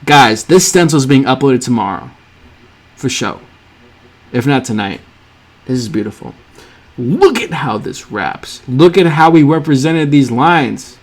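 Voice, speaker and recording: A man hosting a sneaker art channel, reacting to drawings on screen with gushing, theatrical awe that swings from loud to hushed. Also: medium pitch, expressive, measured pace.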